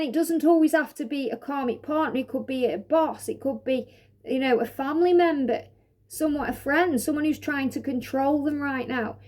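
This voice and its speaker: A woman presenting an oracle deck, reading each card's message aloud and then explaining it in a repetitive, conversational way with frequent "you know". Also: high voice. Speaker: tarot card reader. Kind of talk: oracle deck walk-through.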